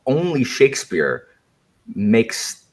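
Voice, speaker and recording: Animated American man hosting a book chat. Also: medium pitch, slow pace. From United States. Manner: animated, emphatic, repeats phrases. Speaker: host. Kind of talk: casual book discussion livestream.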